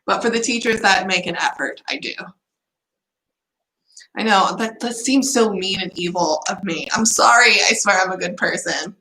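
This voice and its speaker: A woman's voice: medium pitch, moderate pace, pushed and bright, reverberant, low-quality recording. A young woman from the United States chatting casually in a student vlog, self-deprecating and giggly. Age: young adult. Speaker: student vlogger.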